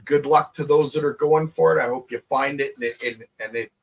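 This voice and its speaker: A man, an inventor, talking in a relaxed group video chat, animated and quick to laugh and swear. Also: mid-range voice, gravelly. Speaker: inventor and show guest.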